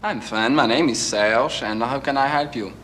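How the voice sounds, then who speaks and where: A man's voice: mid-range voice, normal speed, a bit bright, close to an everyday voice. A man acting out a fussy, overly polite art gallery clerk in a film scene. His accent is foreign and hard to place, and he twists his English words around. His voice sits in a middle register, with a little background noise behind it. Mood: prim. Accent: unplaceable put-on foreign accent.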